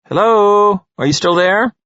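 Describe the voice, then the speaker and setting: A man reading aloud and voicing a pushy young female journalist calling loudly through a door. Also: high voice, a little slow, smooth, no echo, highs cut off, voice pushed up. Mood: eager calling. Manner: eager, loud, insistent.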